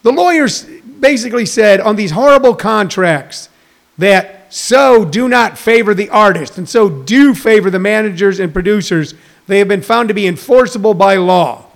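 A comedian in his sixties rambles jokily through stories and news on a live stream, talking straight to his viewers. His voice is high with lively intonation and vocal fry, at a normal speed.

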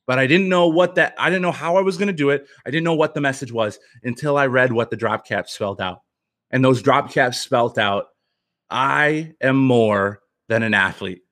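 A man's voice: mid-range voice, fairly bright tone. Earnest man telling a personal story. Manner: earnest, reflective, pausing to restart sentences. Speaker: podcast guest, author and former pitcher.

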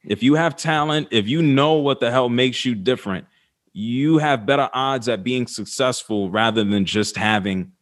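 A man's voice: on the low side, fairly bright tone. A middle-aged man, a sports radio host, speaking as a guest in a casual interview, blunt and emphatic, swearing freely.

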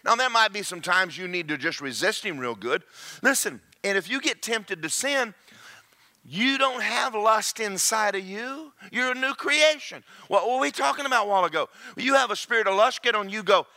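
A middle-aged preacher delivers a sermon with humor, slipping into playful impressions as he goes. His voice sits fairly high and bright, swinging widely in pitch. The sound is close and dry. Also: moderate pace, no room sound. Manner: lively, joking, acts out quoted voices.

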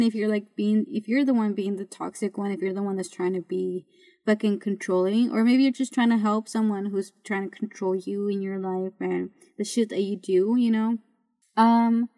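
A woman's voice: mid-range voice, warm tone. Blunt, foul-mouthed woman podcast host. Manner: blunt and heavily profane, rambling with restarts. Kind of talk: casual podcast monologue.

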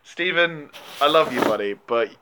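Male podcast co-host, slightly high voice, swears a lot and laughs easily. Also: moderate pace, background noise. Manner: profane, animated, laughs often. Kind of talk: casual film review chat.

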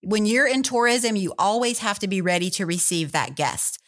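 A woman, a tourism director telling lively stories in a radio interview. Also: medium pitch, normal speed. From Mississippi, USA. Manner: enthusiastic, chatty, with fillers.

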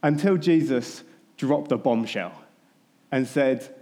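A pastor preaching a Sunday sermon, his voice sitting a little high for a man. He tells the story in an easy, conversational way, like talking to friends. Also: a little slow, darkish tone.

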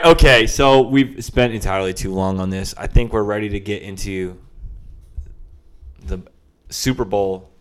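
A man in his late twenties co-hosting a casual sports podcast, joking around with quick swings between mumbling and loud outbursts. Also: fairly low pitch, smooth. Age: late 20s. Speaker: podcast co-host.

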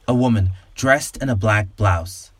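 A man with a lowish voice narrates a story in a calm, slow, soothing way. He hosts his own podcast and guides the listener gently through the scene. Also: dry recording.

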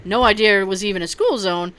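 A woman's voice: medium pitch, quick pace, fairly bright tone, clean tone. A woman hosting a casual chat, reading posts aloud and reacting with loose, profane jokes. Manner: profane, laughing, loose and joking.

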